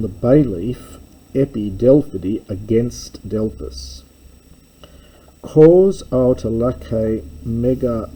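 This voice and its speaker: A man reading through a classical text line by line and explaining it, measured and thinking aloud, stopping often to correct himself. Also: medium pitch, warm tone, slightly rough, rough recording. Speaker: classics lecturer.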